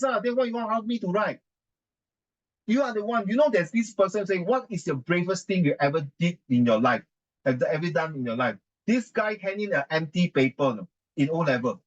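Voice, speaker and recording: A man with a Singaporean English accent rants with indignant emphasis, repeating his objections. His voice sits somewhat high for a man. The recording is dull and lo-fi. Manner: indignant, emphatic, mixes in Mandarin and Singlish. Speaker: adult giving writing advice. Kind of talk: ranting conversation.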